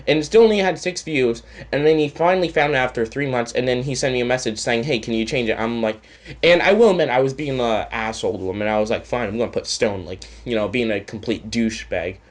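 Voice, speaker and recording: A man's voice: mid-range voice, fast talker. Rambling, foul-mouthed Canadian man ranting. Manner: rambling, profane and sarcastic. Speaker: channel host. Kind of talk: casual storytime rant.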